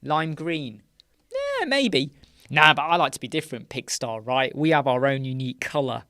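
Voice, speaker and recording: A man's voice: medium pitch, big pitch swings, normal speed, pushed and bright, no echo. British guy rambling on a live chat, lots of "right?", dead dry sound. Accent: British English. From United Kingdom. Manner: chatty, leans on "right?" and filler words. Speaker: live stream host. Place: small dark room with sound panels.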